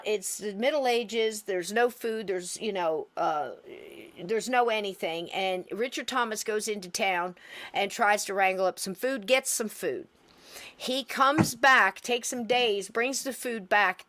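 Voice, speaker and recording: A woman's voice: medium pitch, a bit bright. A woman co-hosting a podcast, chatting casually and animatedly about paranormal video clips, often laughing. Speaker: podcast co-host.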